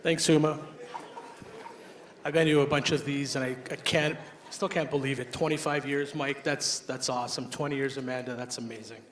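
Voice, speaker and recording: A man's voice: medium pitch, steady tone, moderate pace. A man hosting a company event, casually introducing the next speaker. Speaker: emcee. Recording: echoey room.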